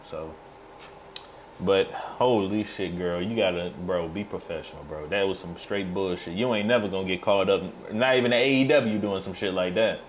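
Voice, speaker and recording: A man's voice: on the low side, slight background noise. A man streaming his reaction to wrestling clips, talking in blunt, heated, slangy trash talk full of cursing. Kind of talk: profane reaction commentary.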